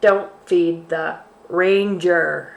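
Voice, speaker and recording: A woman hosting a library storytime for children, reading a picture book aloud in an expressive, sing-song way. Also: lowish voice, extremely slow, vocal fry, lo-fi sound.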